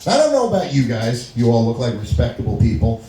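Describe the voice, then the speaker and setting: A man's voice: medium pitch, huge pitch swings, fast talker, warm tone, faint music behind. Middle-aged man telling stories on stage. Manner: storytelling with frequent laughs and acted-out quotes. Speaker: stand-up comedian. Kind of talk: stand-up comedy set. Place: small comedy venue. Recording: echoey room recording.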